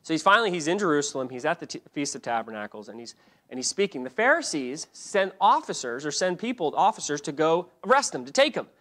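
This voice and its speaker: A man teaching a church Bible lesson, telling the story in an animated way, acting out the quotes, often restarting his sentences. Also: on the high side, fast talker.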